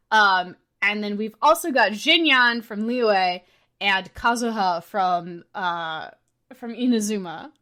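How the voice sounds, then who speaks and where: A woman chats casually on a podcast, rambling along with plenty of fillers and frequent giggles. Her voice is bright and sits a little high. She sounds enthusiastic and relaxed. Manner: rambling, fills speech with "like" and "um". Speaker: podcast co-host.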